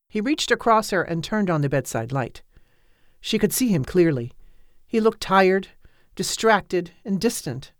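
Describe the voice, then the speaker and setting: A woman narrating a novel as an audiobook in a measured, even manner. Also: on the low side, no echo, clean studio sound.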